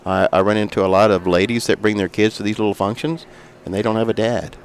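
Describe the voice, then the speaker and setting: A middle-aged man, a fishing guide who makes flies, telling a lively story in a casual interview and making sound effects as he talks. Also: on the low side, fast, a little hiss or hum. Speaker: fishing guide and fly maker.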